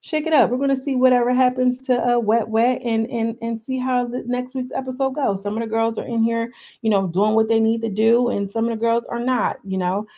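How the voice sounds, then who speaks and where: A woman giving casual, slangy commentary as she recaps a reality show episode, full of animated asides. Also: fairly high pitch, a little fast.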